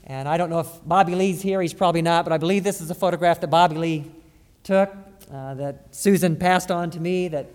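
A man preaching a sermon as pastor, halting and repeating words, then rising to emphatic stress. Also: a little high, fairly even intonation, a little mellow, clear, resonant tone, big-room sound. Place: church sanctuary.

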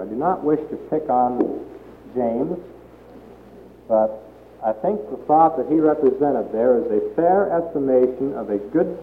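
Slow, tinny-sounding male preacher. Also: medium pitch. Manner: deliberate, stresses key words. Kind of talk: Bible sermon lecture. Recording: tinny echoey old recording with faint hiss.

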